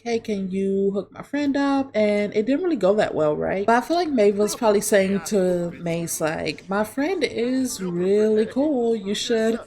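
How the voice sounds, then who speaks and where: A woman's voice: medium pitch, darkish tone. Chatty woman narrating her gameplay. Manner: chatty, talks to viewers, narrates game. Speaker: let's play host. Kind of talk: casual gameplay commentary.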